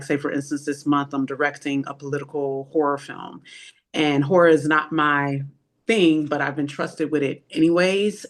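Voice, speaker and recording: A workshop participant reflecting aloud in a slow, searching way. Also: medium pitch. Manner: slow, thoughtful, searching for words. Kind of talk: reflective sharing in a group workshop.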